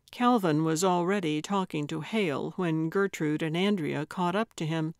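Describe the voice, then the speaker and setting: A woman narrating a cozy mystery audiobook in a measured storytelling style. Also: low voice, no echo, clean studio sound. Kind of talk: scripted narration.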